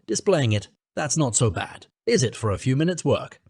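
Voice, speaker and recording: Man doing a boastful excitable toad. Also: medium pitch, moderate pace, breathy edge, no echo, clean studio sound.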